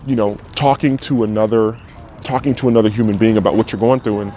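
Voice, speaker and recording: An American former football player in his thirties gives a candid interview, speaking openly and emotionally, swearing freely and acting out quoted voices. His lowish, dark voice runs fast with fairly even intonation, and faint music plays behind.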